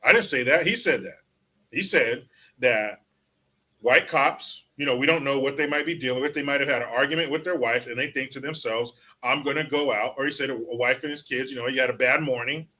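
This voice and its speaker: A man's voice: mid-range voice, quick pace, few pauses, pushed and bright. Profane, sarcastic man ranting. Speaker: political commentary show host. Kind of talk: livestream commentary reading chat comments.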